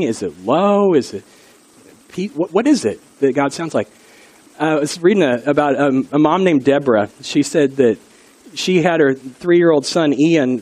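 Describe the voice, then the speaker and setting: A little high in pitch yet darkish in tone, a middle-aged pastor's voice carries an earnest, conversational sermon. He works storytelling into the preaching as he goes.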